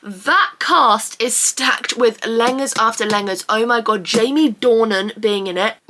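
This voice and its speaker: A young woman vlogging casually in an excitable, gushing way, swearing freely as she chats. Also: on the high side, slow, a little hiss or hum. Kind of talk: casual chatty vlog.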